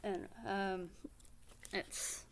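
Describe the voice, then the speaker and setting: A woman's voice: medium pitch, level tone, drawn-out words, slight background noise. Chatty woman streamer with hiccups. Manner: chatty, upbeat, many fillers. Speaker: writing livestream host. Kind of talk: casual livestream chat.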